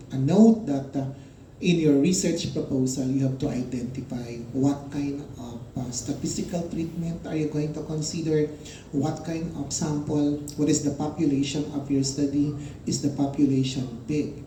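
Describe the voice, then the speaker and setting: A man's voice: fairly high pitch, warm tone, reverberant, slight background noise, low-quality recording. A man teaching statistics in a recorded lecture, explaining step by step with frequent fillers and emphatic rises.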